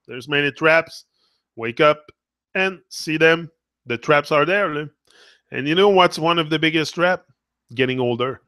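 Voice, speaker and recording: French-accented man, bright and dry, rambling earnest motivational vlog talk. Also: a little high, moderate pace, dry recording. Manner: rambling, self-correcting, earnest. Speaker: motivational vlogger. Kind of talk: casual live motivational talk.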